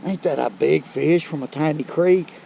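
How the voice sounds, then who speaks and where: A man's voice: on the high side, normal speed, gravelly, mellow, a little hiss or hum, poor audio. An older man, chatting folksily to his viewers while fishing on a creek bank outdoors, a bit out of breath. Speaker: fishing vlogger. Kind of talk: casual outdoor vlog. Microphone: body-worn camera.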